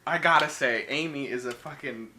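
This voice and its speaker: Bright-voiced man swearing through a story. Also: medium pitch, moderate pace. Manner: profane, animated storytelling. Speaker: podcast co-host. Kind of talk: casual chat about horror movies. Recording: echoey room with faint noise.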